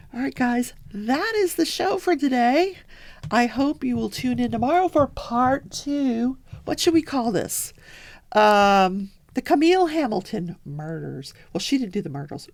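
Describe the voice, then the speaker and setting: A woman's voice: a little high, vocal fry, dry recording. A woman hosting her own daily talk show, chatting casually and telling a story, acting out the people in it. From South Florida. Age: older. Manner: chatty storyteller, quotes people in lively voices. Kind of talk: casual chat.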